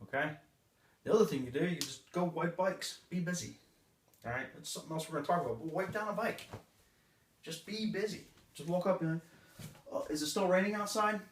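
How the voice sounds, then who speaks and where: A man's voice: a little high, fairly quick, slight background noise. A man training a live audience on sales, with a punchy way of talking and short acted customer exchanges. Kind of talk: live seminar talk. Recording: roomy, distant room recording.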